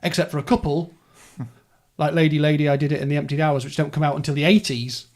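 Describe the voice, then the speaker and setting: Chatty podcast host, slightly high. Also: male voice, little pitch movement, brisk, darkish tone. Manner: chatty, rambling through publishing details. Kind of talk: casual book-club chat.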